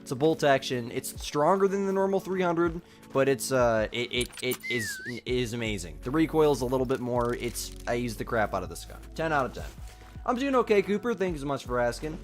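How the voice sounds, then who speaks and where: A man's voice: medium pitch, big pitch swings, fairly quick, music in the background. A young man chatting casually on a live gaming stream, reading chat and talking through a nagging cough. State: sick with a cough.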